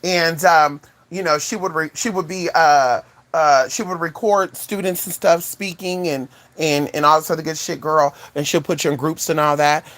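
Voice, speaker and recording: A woman vlogger telling a casual story to her viewers, animated, with asides to the audience. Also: moderate pace. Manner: animated, swoops high for quoted voices, chatty asides to viewers.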